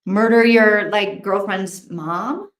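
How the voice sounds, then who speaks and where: A woman's voice: mid-range voice, slow, roomy sound. A woman hosting a casual livestream, chatting, thinking aloud and reacting to viewer comments. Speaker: livestream host.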